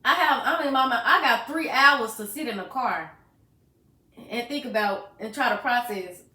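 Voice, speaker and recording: Bright-voiced young woman, animated. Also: fairly high pitch, moderate pace. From Arkansas. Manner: animated retelling, acts out quoted voices, swears freely. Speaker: podcast co-host. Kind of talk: casual emotional storytelling. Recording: roomy echo.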